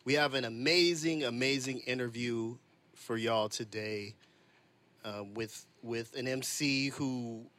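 A man's voice: mid-range voice, pushed and bright. A man co-hosting a podcast, introducing the episode in an enthusiastic, rambling way. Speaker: podcast co-host.

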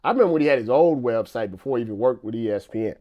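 Male live streamer, casual rambling chat, repetitive and conversational, middle-pitched voice. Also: lively intonation, very fast, muffled recording. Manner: loose and conversational, stacks up "you know" and repeats himself.

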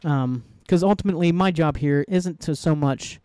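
A man's voice: fairly high pitch, moderate pace, darkish tone, clear, resonant tone, no room sound, studio quality. A man hosting his own solo podcast, talking casually and ranting heatedly, swearing a lot and rambling with many fillers. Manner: heated, profane, rambling with frequent "like". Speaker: podcast host.

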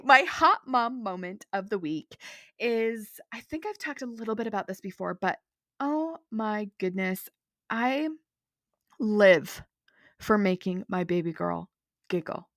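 A woman's voice: medium pitch, a bit bright, no echo, clean studio sound. A young woman from Utah hosting a podcast, chatting in a bubbly storytelling way. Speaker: podcast host. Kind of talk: casual solo podcast chat.

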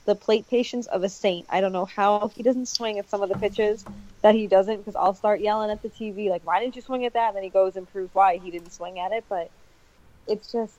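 A woman's voice: mid-range voice, steady tone, brisk, mellow, slight background noise, rough recording. A woman co-hosting a casual baseball talk show, enthusiastic and emphatic. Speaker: sports podcast co-host.

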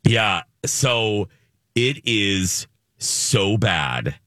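A man's voice: on the low side, lively intonation, drawn-out words, bright, forceful tone, dry recording, clean studio sound. A man hosting a talk show, chatting casually and acting out quotes as he tells a story. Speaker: radio show host. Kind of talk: casual chat.

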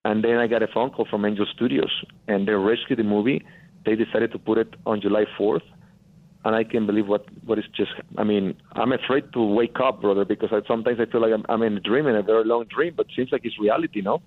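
A man's voice: lowish voice, fairly even intonation, quick pace. A man from Mexico with a Mexican accent, a guest producer telling his story earnestly, repeating phrases for emphasis. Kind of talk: phone-in interview storytelling. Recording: tinny phone line.

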